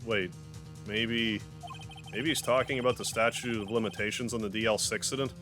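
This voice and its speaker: A man's voice: lowish voice, fairly even intonation, a little fast, music in the background. A man playing through a visual novel, reading lines and making wry joking asides. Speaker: gaming YouTuber. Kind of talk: let's play commentary and reading.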